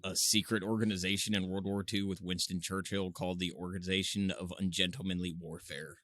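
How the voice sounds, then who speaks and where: A man co-hosting a podcast in casual chat, telling animated stories with swearing and laughter. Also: low-pitched, brisk, no echo. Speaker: podcast co-host.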